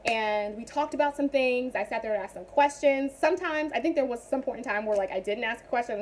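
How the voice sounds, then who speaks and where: A young woman chatting casually in a vlog, animated and rambling with frequent asides. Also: sits high, fast, hardly any pauses. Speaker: vlogger.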